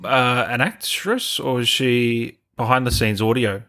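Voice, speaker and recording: A man's voice: mid-range voice, a little slow, bright, forceful tone. A man with an Australian accent hosting an interview, chatty and laughing easily. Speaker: podcast host. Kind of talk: casual interview chat.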